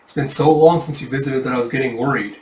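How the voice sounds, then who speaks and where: A man's voice: medium pitch, fast, darkish tone, natural voice. A man voicing a weary older village man who speaks plainly and tiredly, recorded from a distance in an echoey room.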